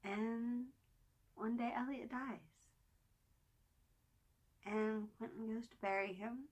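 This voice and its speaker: Hosting a laid-back weekly vlog reviewing TV, a woman speaks slowly in a higher, steady voice, pausing often. Her enthusiasm spills out in rambling talk with fillers and restarts, and at times she drops nearly to a whisper.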